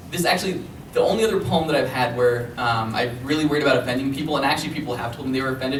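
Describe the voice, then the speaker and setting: A man performing spoken word poetry with expressive delivery and dramatic pauses, also chatting casually between pieces. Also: on the high side, noisy background. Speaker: performance poet. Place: library event room. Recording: echoey room, mic from far off.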